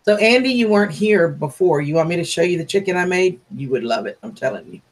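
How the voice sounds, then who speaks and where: A man's voice: high voice, animated, fast talker. A man hosting a casual livestream chat, talking proudly and chattily about his cooking. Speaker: livestream host.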